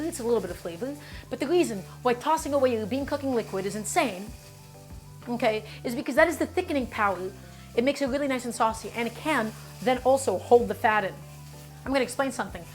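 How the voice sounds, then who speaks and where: A woman hosts a live cooking stream in a slightly high voice, chatty and emphatic as she explains each step. A pan sizzles beside her while faint music plays underneath. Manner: emphatic, chatty, talks to chat.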